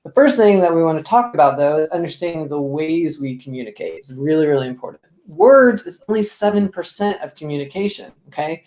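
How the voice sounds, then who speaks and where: A woman business coach giving an expressive, lively talk to the camera, asking the viewer direct questions. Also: low-pitched, fairly quick, reverberant.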